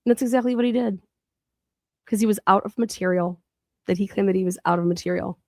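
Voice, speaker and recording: A woman's voice: mid-range voice, fast, dry recording, studio quality. A woman co-hosting a commentary show, talking bluntly and with open scorn. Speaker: co-host. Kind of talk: profane commentary.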